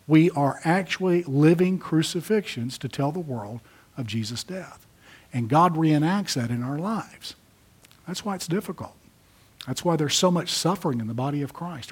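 A man preaching a sermon, rising to emphatic peaks and dropping low. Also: a little mellow, breathy edge. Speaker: pastor.

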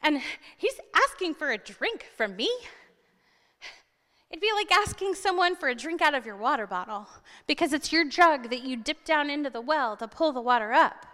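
A woman preacher retelling a scripture story in an animated, dramatic sermon style. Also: high voice, normal speed, long reverb tail.

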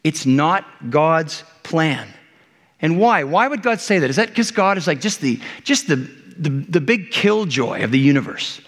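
A man's voice: on the high side, sing-song, measured pace, a bit bright, long reverb tail. Man preaching a casual, jokey sermon. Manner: conversational, jokey, with many restarts and acted-out quotes. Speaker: pastor.

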